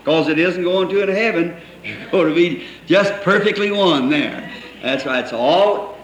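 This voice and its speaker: A man preaching, his voice sitting a little high for a man. He preaches in a folksy way, telling stories and chuckling as he goes. The old church recording rings with echo under a faint hiss. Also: unhurried. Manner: folksy storytelling, quoting others, chuckling. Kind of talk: sermon.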